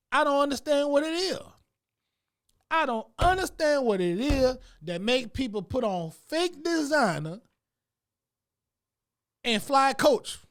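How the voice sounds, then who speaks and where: A man, a comedy show host, delivering a profane, animated comic rant about what he has seen around town. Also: extremely high pitch.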